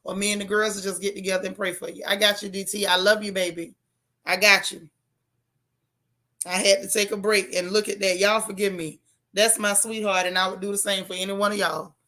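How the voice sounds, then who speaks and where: A woman hosting a livestream from her car, giving sassy, animated commentary and reading viewer chat aloud. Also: mid-range voice, a little fast. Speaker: livestream host. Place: in a car while driving.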